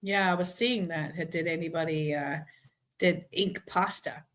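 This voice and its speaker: A woman's voice: deep voice, fairly even intonation, normal speed, a bit bright. Woman with a Boston accent, trivia host, casual live-stream chat, laughs easily. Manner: chatty, laughs easily, reads viewer comments aloud.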